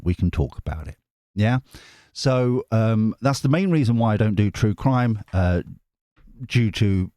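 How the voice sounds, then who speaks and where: A man chats casually to his viewers as a tarot host, rambling and joking and often breaking off mid-thought. His pitch swings widely as he talks, and his voice is close and dry with no room around it. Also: darkish tone, no room sound. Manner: rambling, jokey, self-interrupting. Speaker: tarot reader and channel host. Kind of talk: casual chat to camera.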